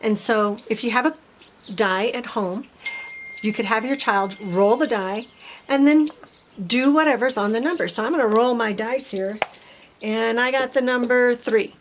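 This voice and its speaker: A woman's voice: a little high, normal speed, slight background noise, low-quality recording. Patient woman teacher explaining to parents. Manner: patient, explains step by step and models simple sentences. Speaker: speech-language teacher. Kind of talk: instructional tutorial for parents.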